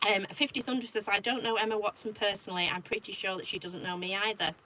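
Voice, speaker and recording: A woman's voice: mid-range voice, quick pace, slight background noise, rough recording. A woman with an English accent hosting a show, telling stories in casual chat and reading viewer comments aloud. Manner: animated storyteller, reads viewer comments aloud. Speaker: show host.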